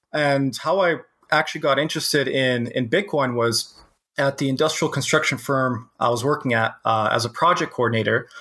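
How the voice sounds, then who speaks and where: Canadian founder as guest: bright, forward tone, easygoing, restarts a few words. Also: male voice, mid-range voice. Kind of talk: casual podcast interview.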